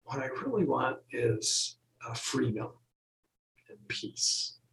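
A middle-aged man talking slowly and reflectively as an interview guest, often pausing and restarting his sentences. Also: medium pitch, sing-song, vocal fry, fairly bright tone, slight background noise, rough recording. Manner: halting, searching, many restarts.

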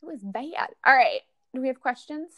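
A woman co-hosting a casual fan podcast, chatty and animated, with lots of fillers and restarts. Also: high voice, moderate pace, no echo, dull audio. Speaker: podcast co-host. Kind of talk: casual fan podcast chat about a TV show.

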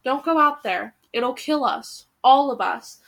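Lady reading as a scared young guy yelling retreat, bright high voice, storybook style. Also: lively intonation, unhurried, gravelly, heavily acted. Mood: urgent. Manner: urgent, shouting orders. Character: young man, brave, shouting in panic.

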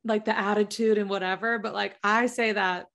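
A woman's voice: mid-range voice, fairly even intonation, moderate pace, vocal fry, a bit bright. A woman with a Southern US accent hosting a podcast, asking conversational questions and giggling often. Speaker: podcast host. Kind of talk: casual interview chat.

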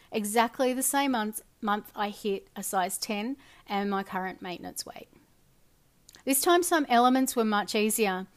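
Soft-spoken woman narrating. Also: a little high. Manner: soft, earnest, drops quiet at phrase ends. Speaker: dance facilitator. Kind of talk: reflective personal narration.

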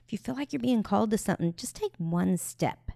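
Woman on a podcast, warm-hearted encouraging tone, dry close sound. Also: medium pitch, animated, fairly quick, vocal fry, dry recording. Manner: earnest, encouraging, faith-based advice. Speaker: podcast co-host. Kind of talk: casual podcast chat.

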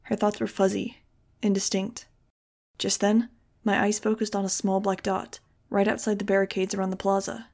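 A woman reading a novel aloud in the first person, with steady, expressive storytelling. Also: medium pitch, moderate pace, vocal fry. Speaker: audiobook reader.

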